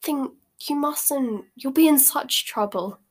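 A woman's voice: on the high side, a little slow, darkish tone. A woman voicing an anxious, sensible teenage girl pleading urgently.

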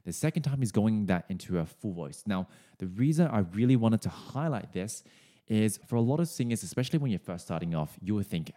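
A man's voice: on the low side, lively intonation, a little fast, dark tone. A man working as a singing coach, breaking down a song's vocals for viewers in a friendly, explanatory way with casual fillers.

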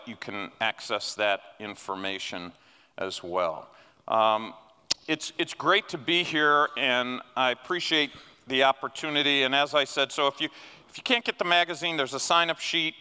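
A man preaching a sermon as a guest speaker, talking through scripture with animated, emphatic peaks. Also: medium pitch, clean tone. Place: church sanctuary. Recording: long hall reverb.

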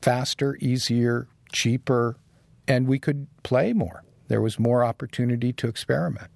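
Gravelly male designer, relaxed storyteller. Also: mid-range voice, moderate pace, no room sound. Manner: reflective, chuckles while telling anecdotes. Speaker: guest designer. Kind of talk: casual interview conversation.

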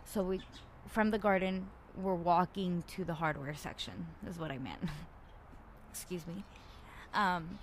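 A woman at an ordinary pitch talking in a loose, rambling monologue full of fillers and swearing. She rants bluntly and grows loud and indignant when she retells a run-in. A faint hiss sits under her voice. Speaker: podcaster. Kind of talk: casual ranting monologue.

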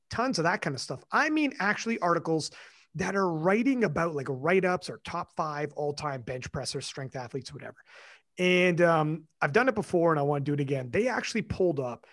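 A man hosting a casual podcast, animated and joking, swearing freely. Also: a little high, dry recording, studio quality. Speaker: podcast host.

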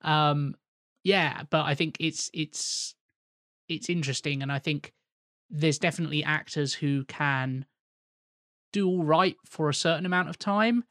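Male co-host, slightly higher voice, measured and reflective, dry sound. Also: a bit bright, no room sound. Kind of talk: casual chat.

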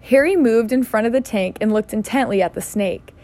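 A woman's voice: a little high, a little fast, dark tone. Woman casually reading a novel aloud. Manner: stumbles and laughs at her slips. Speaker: reader.

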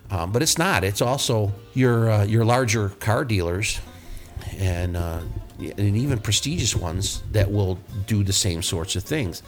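A man with a fairly low voice tells shop stories in a loose, casual podcast style. He is blunt and swears freely, and he wanders through his anecdotes with restarts. Faint music runs underneath. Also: lively intonation, unhurried. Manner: blunt and profane, rambling anecdotes. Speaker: podcast host, auto mechanic.

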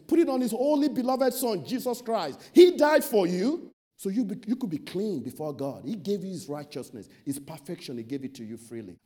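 Emphatic, high-voiced man preaching. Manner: dramatic, acts out gossiping voices in a low mutter, rises to loud emphatic exhortation. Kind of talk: sermon. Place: church meeting room.

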